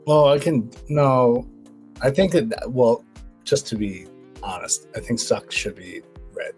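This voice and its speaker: A man's voice: mid-range voice, takes it slowly, a little mellow, faint music behind. A man playing in a comedy tabletop game, chatting casually and joking. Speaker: player.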